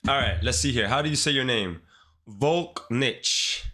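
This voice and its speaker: A man's voice: mid-range voice, unhurried, pushed and bright. A man with a Caribbean accent, chatting casually and in slang with viewers during a live coding stream. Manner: laid-back, slangy, talks straight to viewers. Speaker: livestreamer. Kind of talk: casual livestream chat while coding.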